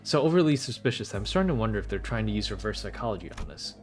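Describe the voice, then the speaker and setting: A man's voice: on the low side, very fast, hardly any pauses, soft background music. A young man streaming a game, making casual, laughing commentary between reading lines. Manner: animated, laughing asides.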